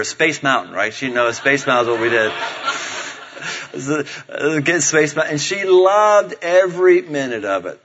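A middle-aged man preaching a sermon, telling stories in an animated way and acting out the voices of his family. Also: medium pitch, moderate pace, slight background noise. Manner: animated storytelling, acts out voices of family members. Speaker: pastor. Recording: dull lo-fi sound.

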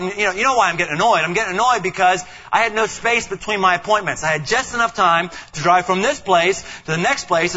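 A man preaching a sermon as pastor, animated, acting out quoted voices, often repeating words as he goes. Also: a little high, muffled recording.

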